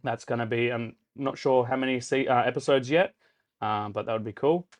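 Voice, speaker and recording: A man hosts a casual live-stream chat in an upbeat way. He hands out shout-outs and thinks aloud, and his voice sits at an ordinary middle pitch. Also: fairly quick. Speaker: host.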